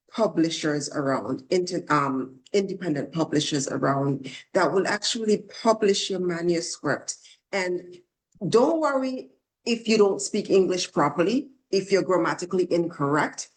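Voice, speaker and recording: A confident woman with an Antiguan accent, speaking as a coach giving advice in an interview. Her voice is a little low, and her pace is measured and encouraging. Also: animated, low-quality recording. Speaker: guest, life coach and speaker. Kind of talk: interview answers.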